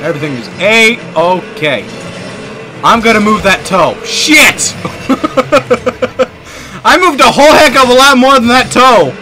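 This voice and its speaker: Male game streamer, high and lively, slow-talking, jokey, with game music underneath. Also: background noise. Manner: joking, animated, quick to laugh and yell at the game. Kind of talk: casual gaming stream commentary.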